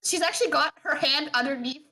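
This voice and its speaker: A woman's voice: high-pitched, a little fast, pushed and bright. A woman playing a tabletop game, hesitant and giggly, with frequent fillers.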